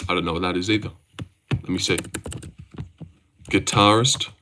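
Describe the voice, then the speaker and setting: A man's voice: low voice, fairly even intonation, moderate pace, noisy background. A young man hosting a casual livestream, reading viewer comments aloud and bantering back in a joking way. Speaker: livestream host. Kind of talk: casual live-stream chat.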